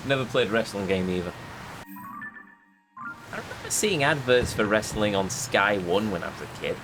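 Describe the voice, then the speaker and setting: A man doing casual, rambling gameplay commentary with wry grumbles. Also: lowish voice. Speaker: let's play host. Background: game music.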